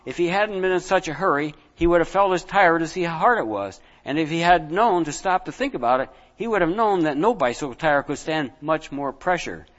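A man with a fairly high voice reads a story aloud to children, slow and deliberate, pausing to put questions to his listeners. The recording is dull and lo-fi, with a long reverb trailing behind. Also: animated, fairly bright tone.

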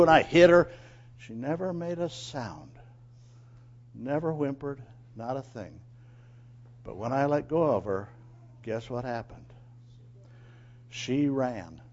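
A man telling a personal moral story in an animated way, asking his listeners questions and acting out quotes. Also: a little high, muffled recording. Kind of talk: storytelling sermon.

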